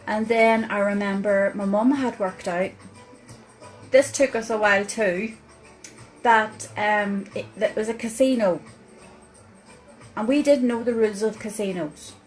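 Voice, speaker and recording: A woman with a Northern Irish accent, telling a chatty personal story to camera as a vlogger, with many pauses and fillers. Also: mid-range voice, low-quality recording. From Northern Ireland.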